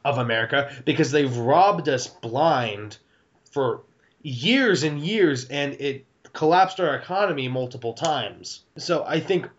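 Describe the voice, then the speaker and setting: A man's voice: medium pitch, animated, a little slow. Rambling man in dull lo-fi audio. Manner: rambling with many restarts and casual swearing. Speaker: podcast co-host. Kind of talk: casual film discussion.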